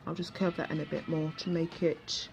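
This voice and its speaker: A woman's voice: low voice, little pitch movement, moderate pace, vocal fry, darkish tone, slight background noise. A woman chatting to her viewers while she crafts, with self-mocking asides. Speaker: craft vlogger. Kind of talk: casual chatty crafting vlog. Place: outdoors at a table.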